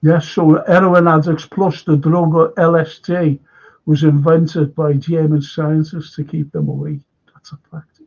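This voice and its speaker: A man's voice: a little high, little pitch movement, measured pace, darkish tone, lo-fi sound. A man with a Scouse accent hosting a live stream, chatting casually in a rambling, stop-start way and reading out viewer comments.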